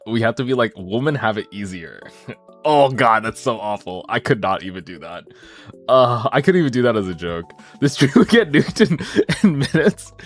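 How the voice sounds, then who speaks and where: A man chatting casually on a stream, jokey and animated, his voice swinging from mumbles to high excited bursts.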